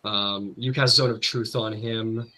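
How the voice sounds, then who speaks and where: A man's voice: lowish voice, fairly even intonation, measured pace, pushed and bright, poor audio. A man narrating a tabletop game as game master, in a loose, rambling way full of fillers. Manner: loose, filler-heavy, many "like"s.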